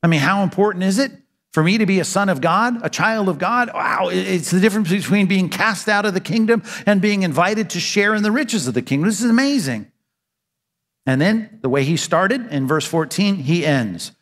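A man's voice: sits high, expressive, normal speed, fairly bright tone, big-room sound. A man preaching a sermon as pastor, earnest and emphatic, asking rhetorical questions and answering them.

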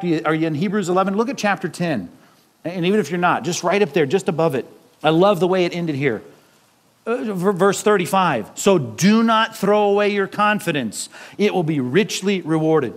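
A middle-aged man, a pastor with kids, preaching a conversational sermon full of rhetorical questions. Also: sits high.

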